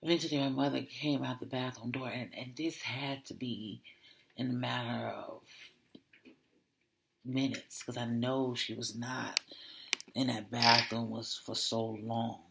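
Brief: podcast host recalling a story. Slow, gravelly, half-whispered, reflective, with restarts. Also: mid-range voice, steady tone, a bit bright. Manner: reflective, often drops to a whisper; repeats words and restarts when emotional. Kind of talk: personal storytelling monologue.

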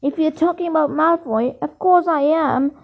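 A woman voices a quick-tempered teenage schoolboy who answers back haughtily and with sarcasm, in her high reading voice. The recording is dull and lo-fi. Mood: sarcastic.

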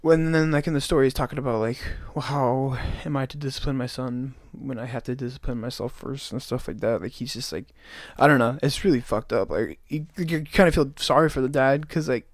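A man's voice: medium pitch, a little fast, hardly any pauses, no echo. Rambling young man, dry sound. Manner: rambling retelling, heavy use of "like". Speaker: podcast co-host. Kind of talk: casual podcast chat.

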